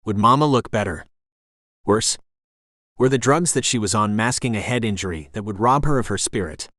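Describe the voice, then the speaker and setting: A young adult man narrating a first-person romance audiobook in a measured, anxious inner voice. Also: on the low side, animated, a bit bright, no echo, studio quality.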